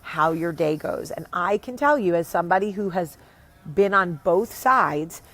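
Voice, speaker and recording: Speaking unhurriedly in a voice on the low side, a New Jersey-accented woman in her thirties or forties, who is a vlogger and show host, tells a casual story on her vlog. She's animated, swears casually, and acts out the quotes of the people involved.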